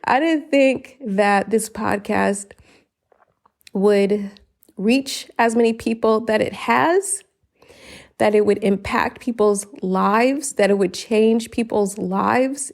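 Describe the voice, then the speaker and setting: Taking her time, a woman with a gravelly mid-range voice hosts her solo podcast from Barcelona, where she lives abroad. Her tone is earnest and grateful, with laughter between sentences and a slight catch of emotion.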